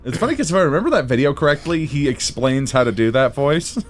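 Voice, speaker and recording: A man's voice: on the high side, lively intonation. A man co-hosting a live gameplay stream, chatting casually in a playful, joking way. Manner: playful, joking, quick to laugh.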